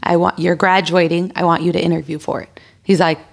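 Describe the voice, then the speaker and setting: Podcast guest: a woman in her thirties, slightly low-pitched, animated storyteller who acts out quotes. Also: brisk, gravelly. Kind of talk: casual interview storytelling.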